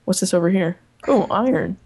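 A man's voice: sits high, expressive, brisk, gravelly, darkish tone, husky. Joking young guy gaming with a friend. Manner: joking, suspicious banter. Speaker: co-player. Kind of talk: casual gameplay chat.

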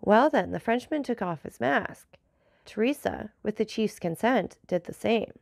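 A woman voicing a grateful, devoted male bandit messenger in a measured storybook reading. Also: on the high side, expressive, gravelly, darkish tone, dry recording, studio quality, exaggerated voice.

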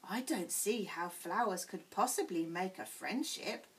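A woman voicing an eager, bubbly young girl giraffe for a storybook, speaking in a high, excited voice. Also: measured pace, a little hiss or hum.

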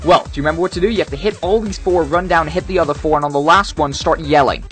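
A man's voice: fairly high pitch, quick pace, faint music behind. A young man in casual game chat, coaching and goading a friend over voice chat. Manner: coaching, goading, works up to frantic yelling. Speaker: gamer trolling a friend.

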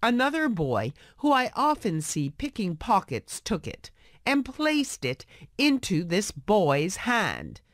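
A kindly, generous bookseller with a calm, reassuring tone, read by a woman telling a storybook. He speaks slowly, with a lively rise and fall, recorded dry and close. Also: medium pitch, no echo. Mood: earnest. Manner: gentle and reassuring.

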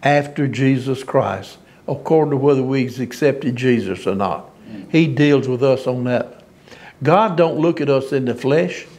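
A man's voice: mid-range voice, a little slow, darkish tone. A man preaching an informal sermon, folksy and emphatic, often laughing at his own lines.

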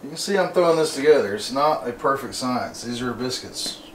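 A man's voice: mid-range voice, expressive, fairly quick, fairly bright tone, slight background noise. A man, hosting a casual home cooking demonstration in an easygoing, folksy, rambling way. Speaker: cooking show host. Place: home kitchen. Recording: roomy kitchen, mic at a distance.

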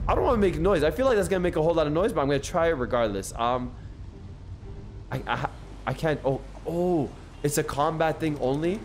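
A man streaming a video game, chatting excitedly and joking with his viewers. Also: on the high side, fairly quick. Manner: excitable, jokey, talks to chat. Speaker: gaming streamer. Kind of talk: live gameplay commentary. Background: game music.

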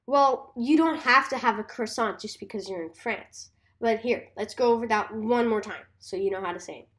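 In an upbeat, scripted lesson for kids, a woman with a slightly high voice teaches simple phrases. She sounds cheerful and deliberate, repeating words so listeners can say them along with her.

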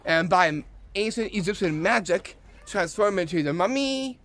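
High-voiced man teaching a magic trick. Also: expressive, moderate pace, a bit bright. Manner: eager, repeats "like this" while demonstrating. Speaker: magic trick tutorial host. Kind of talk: casual demonstration tutorial.

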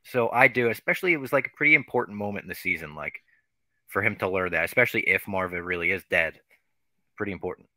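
A man's voice: deep voice, lively intonation, quick pace, bright, forceful tone, no room sound. A man co-hosting a podcast, recapping scenes in a laid-back casual chat. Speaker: podcast co-host.

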